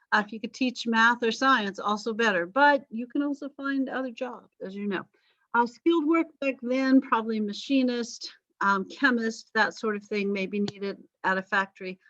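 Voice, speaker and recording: A woman's voice: a little high, a bit bright. A woman, a history teacher, lecturing casually to her class with wry jokes, asides and laughs. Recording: dull lo-fi lecture recording.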